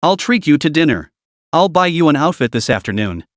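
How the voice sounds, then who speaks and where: A kind, generous young businesswoman who speaks gently, as a male reader puts her on. The voice is lively in pitch and sits somewhat high. It is recorded dry and close. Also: brisk, dry recording. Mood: gentle.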